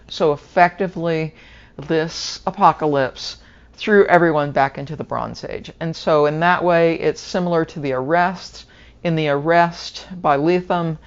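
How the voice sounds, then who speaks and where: A woman from Southern Arkansas talking casually about books she has read, wandering a little and pausing with fillers to recall details. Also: deep voice, highs cut off. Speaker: book reviewer. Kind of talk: casual book review monologue.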